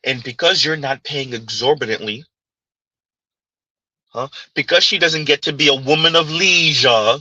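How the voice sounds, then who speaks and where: A man hosting his own commentary channel, talking in an animated, emphatic way and repeating his points as he reacts to a clip. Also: fairly high pitch, no room sound, dull audio.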